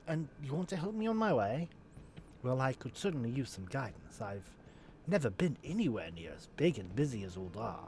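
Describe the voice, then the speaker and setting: A man's voice: mid-range voice, sing-song, moderate pace, a little mellow, a little hiss or hum. Man voicing Nagi, an earnest teen adventurer. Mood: eager. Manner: polite, earnest and a bit stiff. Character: eager nervous teenage boy adventurer.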